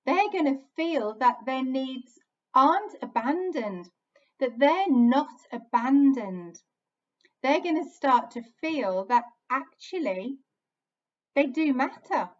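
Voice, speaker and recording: A woman giving a gentle, earnest self-help talk as an inner child healing coach, speaking in short, repeated phrases. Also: sits high, animated, slow pace. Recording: dull lo-fi sound.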